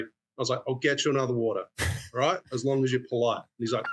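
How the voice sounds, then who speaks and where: A man's voice: mid-range voice, rapid-fire, a little hiss or hum. A man, a guest bartender, telling a story in casual talk and acting out the people in it with a raised voice. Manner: animated, acts out quotes in raised voice.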